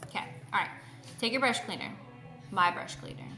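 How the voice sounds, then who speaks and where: A woman's voice: medium pitch, a little fast, over music. Chatty woman with a roomy echo. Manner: chatty, greets viewers by name. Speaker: beauty host. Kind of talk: casual live makeup tutorial.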